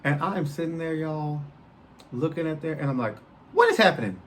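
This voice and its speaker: A man's voice: fairly high pitch, moderate pace, slight background noise. A man, telling a personal story on his podcast and talking straight to his listeners. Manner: animated, addresses listeners directly, acts out quotes. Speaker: podcast host.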